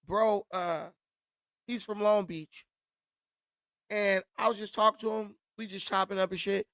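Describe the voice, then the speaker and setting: A man's voice: high-pitched, a bit bright, no echo, clean studio sound. A man hosting his own commentary channel, speaking in a blunt, slangy, emphatic monologue with storytelling and a repeated refrain.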